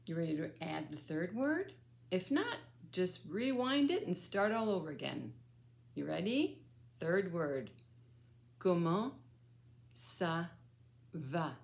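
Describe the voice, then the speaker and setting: Grandmotherly woman, gravelly and lively. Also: lowish voice. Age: older. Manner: patient, sing-song, repeats phrases slowly for a child. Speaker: grandmother teaching French. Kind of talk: children's language lesson.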